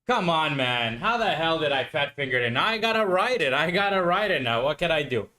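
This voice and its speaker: A man's voice: fairly high pitch, sing-song, fairly quick, pushed and bright. A man streaming live futures trading who talks to himself, swears and pleads with the market, exasperated at his own mistakes. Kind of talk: live trading commentary to viewers.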